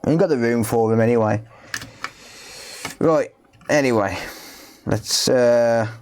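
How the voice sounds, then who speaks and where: British guy streaming, chatty and coaxing, mid pitch, just talking away. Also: takes it slowly, darkish tone, slight background noise. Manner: chatty, coaxing, talks to pets with playful asides. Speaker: repair streamer. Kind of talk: casual livestream chat.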